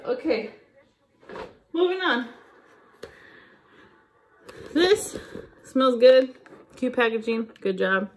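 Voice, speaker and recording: Woman, high voice, slow unhurried delivery, excitable, gushing, casual vlog chat. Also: a little hiss or hum. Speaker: vlogger showing shopping finds.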